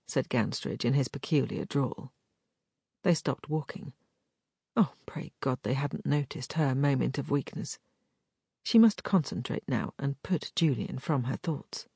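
A woman narrating a romance novel as an audiobook, with expressive storytelling. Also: low voice, moderate pace, creaky, breathy edge, no echo, clean studio sound.

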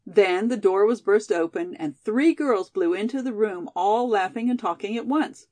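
A woman narrating a novel chapter in a steady, even voice. Her pitch sits in the middle of the usual range. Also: moderate pace, few pauses. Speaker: audiobook reader. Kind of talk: scripted narration.

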